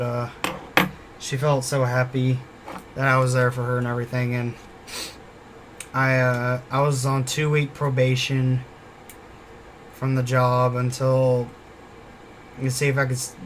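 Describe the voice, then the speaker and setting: A man's voice: medium pitch, slight background noise. A man telling a casual story about a former job, rambling and swearing often, repeating himself as he goes. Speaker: former store worker.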